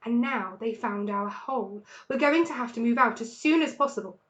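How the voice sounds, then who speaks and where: A woman's voice: on the high side, normal speed, fairly bright tone, lo-fi sound, lightly acted. A woman voicing a proud, wounded fox father. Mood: worried. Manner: urgent, commanding in danger. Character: injured male fox father, proud and resolute.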